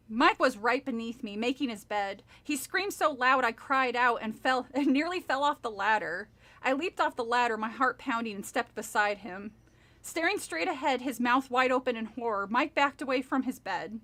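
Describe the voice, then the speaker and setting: A young woman reading a children's scary book aloud in a casual stream, stopping to chat and giggle. Her voice is high, bright and very lively, swinging all over the place. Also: normal speed. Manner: giggly, breaks into laughter often.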